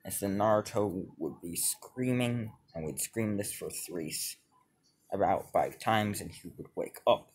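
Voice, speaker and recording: Slow, husky man narrating haltingly. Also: lowish voice, darkish tone. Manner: halting, many restarts and repeated "as he would". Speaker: fan storyteller. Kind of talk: improvised fan-fiction narration.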